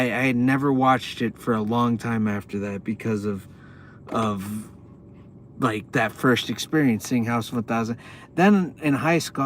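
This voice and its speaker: A man's voice: mid-range voice, a little hiss or hum. A young man casually telling a long, profane, rambling story with many restarts, as a podcast host.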